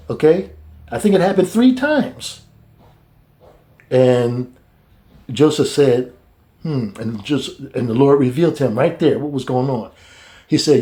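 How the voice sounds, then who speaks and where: A man teaching a casual Bible study in a colloquial, halting way, with many restarts and chuckles between points. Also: mid-range voice, animated, dark tone.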